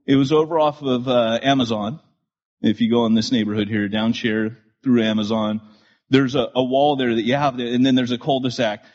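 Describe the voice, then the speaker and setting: A pastor in his forties, a man, telling stories from his ministry to a live church audience, animated and full of restarts and asides. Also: medium pitch, moderate pace. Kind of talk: storytelling sermon to a live audience. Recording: dull lo-fi recording.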